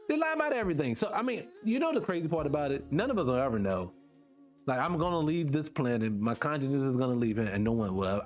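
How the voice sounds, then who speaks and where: Lively man talking straight to his viewers. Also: medium pitch. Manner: animated, keeps asking rhetorical questions; talks directly to the audience as y'all. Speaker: vlog host. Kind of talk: casual monologue to viewers.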